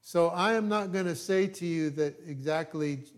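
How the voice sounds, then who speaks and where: Guy reading bible passages in a sermon, kinda high voice, gets loud on the quotes then goes soft n chatty. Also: normal speed. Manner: reads scripture with rising emphasis, drops to quiet asides. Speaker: preacher. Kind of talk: scripture reading with commentary.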